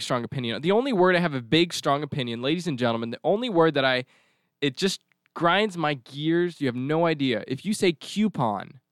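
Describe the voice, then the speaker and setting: A man's voice: a little high, a bit bright, dry recording, studio quality. A man hosting a podcast, talking in a rambling, jokey, digressive way. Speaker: podcast host. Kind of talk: casual chat.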